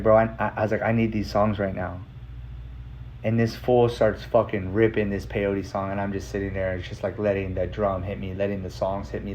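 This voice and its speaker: A man's voice: fairly low pitch, darkish tone, slight background noise. A young man from San Carlos telling a personal story in casual, swearing speech, quoting the people he met. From San Carlos, Arizona. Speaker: vlogger telling his story. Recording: slightly dull lo-fi sound.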